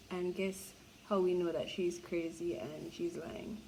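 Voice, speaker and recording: A woman's voice: on the low side, measured pace, a little mellow, a little hiss or hum, poor audio. A young woman vlogger telling a gossipy story in casual chat while doing her makeup, with incredulous exclamations.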